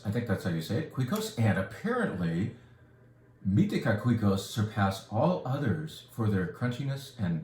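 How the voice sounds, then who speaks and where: A man's voice: on the low side, roomy sound, slight background noise. A man from California, hosting a wine shop video in a casual, enthusiastic, rambling way. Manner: enthusiastic, rambling, jokey asides. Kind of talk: casual product talk and wine tutorial.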